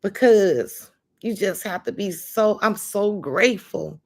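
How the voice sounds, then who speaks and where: A woman's voice: medium pitch, animated, takes it slowly, vocal fry, a little mellow. A woman hosting a casual livestream, talking emphatically and calling her viewers honey and baby. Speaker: livestream host.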